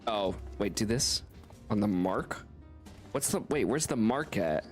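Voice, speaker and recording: A man's voice: lowish voice, lively intonation, a little slow, faint music behind. A man streaming a video game, chatting casually and playfully, laughing often and swearing freely. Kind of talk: casual gameplay commentary.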